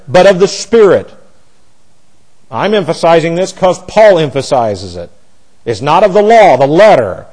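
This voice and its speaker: A man preaching an expository Bible sermon, emphatic, with rhetorical questions and repeated words. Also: rough recording. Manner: animated pitch jumps for emphasis. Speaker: pastor.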